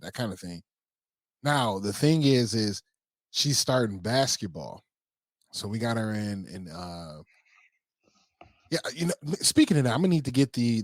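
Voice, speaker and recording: A man co-hosting a podcast in a casual chat, laid-back and quick to laugh. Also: medium pitch, dry recording, clean studio sound. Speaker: podcast co-host.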